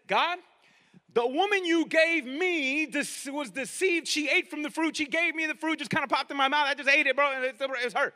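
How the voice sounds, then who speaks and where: A man's voice: extremely high pitch, moderate pace, bright, forceful tone, big-room sound, pitched above the performer's own voice. A man voicing Adam as a defensive young man shifting the blame, in casual streetwise slang.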